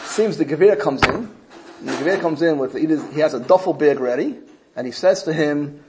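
A man's voice: on the high side, moderate pace, a little hiss or hum. A man telling a story to a group, repeating phrases as he goes. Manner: animated, repeats phrases, acts out quotes.

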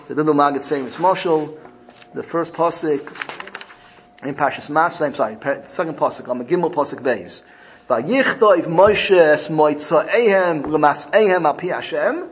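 A man with a somewhat high voice teaches a Torah class and mixes Hebrew terms into his English. He draws out each verse he quotes before he explains it. A faint hiss runs under the recording. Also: rough recording.

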